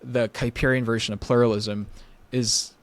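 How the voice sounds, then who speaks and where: A man's voice: mid-range voice, level tone, normal speed. A man as a podcast guest, explaining ideas in careful conversational talk with frequent fillers. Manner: explains carefully with many "you know" fillers. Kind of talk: conversational theological discussion.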